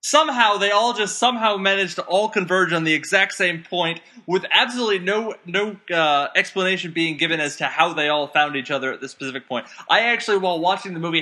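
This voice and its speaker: A man's voice: sits high, sharp tone. A man co-hosting a casual film review podcast, recapping scenes in a wry, methodical way. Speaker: podcast co-host. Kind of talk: casual movie review chat.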